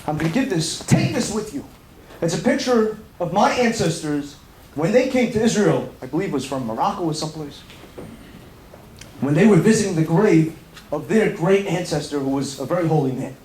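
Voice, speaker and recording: A man playing an older mother who quietly confides her hidden past, inside a sermon story. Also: fairly high pitch, expressive, moderate pace, pitched below the performer's own voice, lightly acted. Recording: echoey room with faint background noise.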